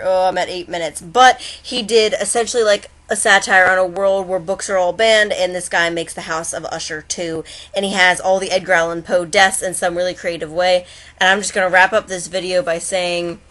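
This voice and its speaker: A woman's voice: lowish voice, fairly bright tone. A young woman chatting casually to her camera at home, rambling, with restarts and asides. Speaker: vlogger. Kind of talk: casual chat.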